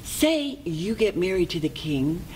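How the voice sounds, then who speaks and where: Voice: medium pitch, big pitch swings, measured pace, a little mellow, a little hiss or hum. Casting: a storyteller doing a small sly imp from a fairy tale, teasing and businesslike. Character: small impish bargaining magic man.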